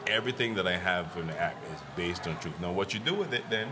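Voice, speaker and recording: A man with a lowish voice talks fast, telling stories like a comedian on a podcast. He repeats words as he gets going, and a steady hiss of noise runs under the recording. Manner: animated storyteller, repeats words as he goes. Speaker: comedian guest. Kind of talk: casual podcast chat. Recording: noisy ambient background.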